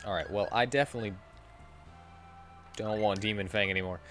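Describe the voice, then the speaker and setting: A woman's voice: extremely low pitch, brisk, fairly bright tone, faint music behind. A woman streamer giving wry, joking commentary as she plays a game. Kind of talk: casual gameplay commentary.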